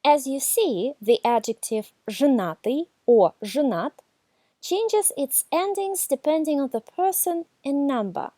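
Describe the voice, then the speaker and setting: A woman giving a scripted beginner language lesson, reading numbered examples and saying the foreign words slowly and carefully. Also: sits high, expressive, dark tone, dry recording, clean studio sound. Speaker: language teacher.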